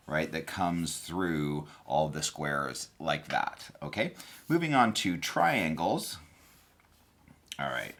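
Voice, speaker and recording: A man giving a casual quilting tutorial, chatty and relaxed, often checking in with the viewer as he demonstrates. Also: deep voice. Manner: relaxed, chatty, frequent "right?" and "okay?" check-ins. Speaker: quilting instructor.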